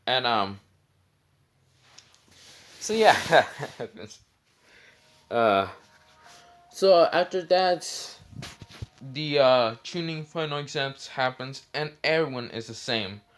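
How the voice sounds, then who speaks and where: A man's voice: medium pitch, lively intonation, takes it slowly, long pauses, a bit bright. Rambling young man telling a fan story. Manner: rambling, full of fillers and self-corrections. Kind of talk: casual fan-story retelling.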